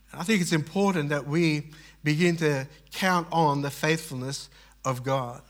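A man's voice: on the high side, a bit bright. A middle-aged man pastor preaching, telling a personal story with frequent restarts and fillers. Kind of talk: sermon.

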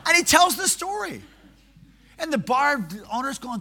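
A man preaching a sermon, telling stories in an animated, self-mocking way. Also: very high-pitched, a little slow.

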